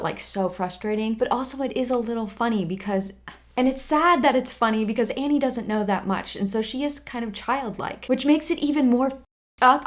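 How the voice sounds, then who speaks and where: Woman vlogging about her books, chatty and super animated, bursts out all excited. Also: on the high side. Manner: animated and emphatic, with sudden excited outbursts. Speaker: book vlogger. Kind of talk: casual vlog chat to camera.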